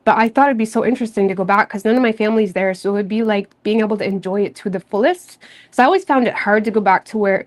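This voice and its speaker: Chatty rambling woman from Nova Scotia. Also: mid-range voice. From Nova Scotia, Canada. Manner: rambling, candid and chatty, with frequent fillers and soft laughs. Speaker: tarot reader and channel host. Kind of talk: casual livestream chat.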